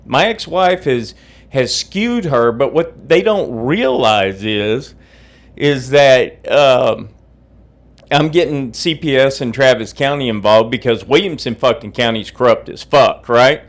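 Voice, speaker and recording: Having just woken up, a middle-aged man drinks coffee and rants profanely on his own podcast in an agitated state. His mid-range voice is animated, but he keeps a measured pace.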